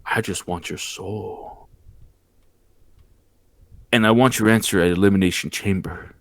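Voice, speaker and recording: A man's voice: fairly even intonation, unhurried, no room sound. A man doing a playful impression of a boastful male wrestling superstar who keeps repeating the name of the person he is talking to. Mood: menacing. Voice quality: booming, repeats the listener's name.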